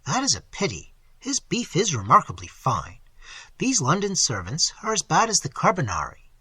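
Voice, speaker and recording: A man's voice: fairly high pitch, huge pitch swings, normal speed, bright, forceful tone, husky, no room sound, heavily acted. A man reading the part of a staid, comfortable middle-aged husband who talks earnestly and a little peevishly.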